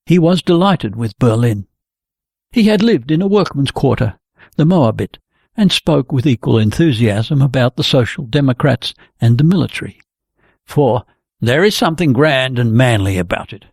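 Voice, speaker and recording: A man reading a novel aloud as narrator, in a measured, even storytelling manner. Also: mid-range voice, no room sound, clean studio sound. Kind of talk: audiobook reading.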